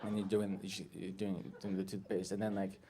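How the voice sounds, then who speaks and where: A man doing a stand-up comedy set, awkward and rambling with deadpan asides, on a club stage with a handheld mic. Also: deep voice, moderate pace. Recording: live club with audience noise. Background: audience laughter.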